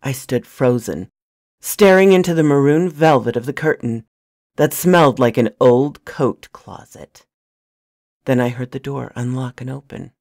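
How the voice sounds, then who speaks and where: A woman with a low, expressive voice reads a novel aloud in the first person. She keeps a soft, hushed delivery and takes her time. The recording is dry and close to the mic. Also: unhurried, no echo. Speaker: storyteller.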